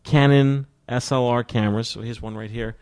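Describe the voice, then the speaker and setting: A man's voice: medium pitch, steady tone, normal speed, darkish tone, clean tone. A man hosting a casual podcast who explains camera repair matters in a plain, wry way. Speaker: podcast host.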